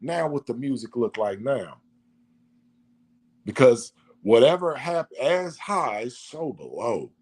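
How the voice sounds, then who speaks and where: A man's voice: mid-range voice, big pitch swings, slow pace, darkish tone, breathy edge. A man delivering a preachy monologue, full of rhetorical questions and repetition. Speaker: vlogger.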